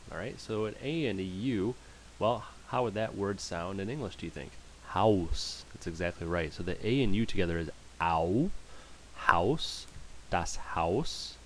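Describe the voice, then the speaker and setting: A man's voice: deep voice, a little hiss or hum. A man teaching German pronunciation in a screen-share lesson, patiently repeating each word for practice.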